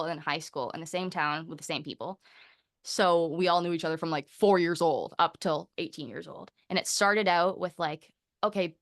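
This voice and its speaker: A woman's voice: on the low side, clear, resonant tone, no room sound, studio quality. A young woman from Canada, a guest speaker in a casual interview, telling stories with lots of "like" and acting out what others said. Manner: animated storyteller, acts out quoted dialogue; frequent "like" fillers, quick bursts.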